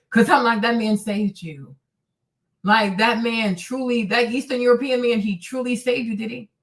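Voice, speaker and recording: A woman's voice: a little high, recorded from a distance. A woman hosting a live stream, giving emphatic ranting commentary and repeating points for effect. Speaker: streamer host.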